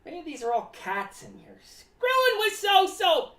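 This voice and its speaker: A woman's voice: extremely high pitch, huge pitch swings, normal speed, a bit bright, distant mic, heavily acted. A woman voicing a rambling, eccentric clown who talks about himself in the third person and is paranoid about cats, streaming live. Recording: echoey room, voice away from the mic.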